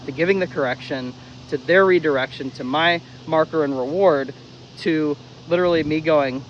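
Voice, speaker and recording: Speaking at normal speed in a voice on the high side, a man who trains dogs lays out correction one step at a time. He's blunt and casual, swears freely, and hammers key steps in a drill-like rhythm, all on dull audio with faint hiss or hum.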